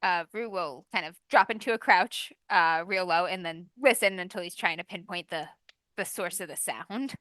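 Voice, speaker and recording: A woman's voice: on the low side, moderate pace, bright, forceful tone, no echo. A woman playing a tabletop game, joking and laughing often. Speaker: player.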